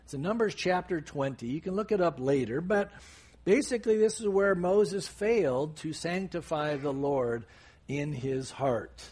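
A male preacher teaching a sermon with a lively, rising and falling voice that has a husky grain. He keeps it conversational, tossing in casual asides between points, and sits a bit higher than most men.

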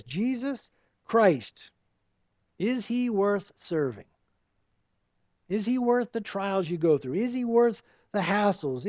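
A male pastor with a high voice preaches in an earnest, pleading way and presses his listeners with question after question. The sound is dry and close, a little dull in tone. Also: a little mellow, dry recording. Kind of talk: sermon.

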